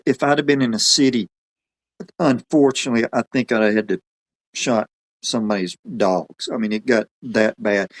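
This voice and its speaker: A man telling a story in a rambling, folksy way, quoting people as he goes. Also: fairly high pitch. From Alabama. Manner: folksy, rambling, quotes others in his own voice. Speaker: podcast guest telling a story. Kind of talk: casual storytelling.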